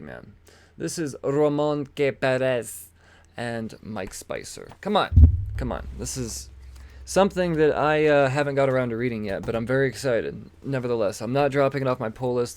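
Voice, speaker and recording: A man's voice: mid-range voice, animated, normal speed. A man hosting a comic book podcast, talking casually and with enthusiasm, rambling and often repeating his words as he goes. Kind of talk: casual solo talk showing comics.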